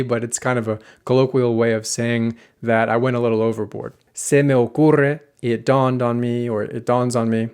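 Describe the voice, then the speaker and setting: A man teaching a language lesson, explaining grammar clearly and step by step and slowing down for example sentences. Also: mid-range voice, a little mellow.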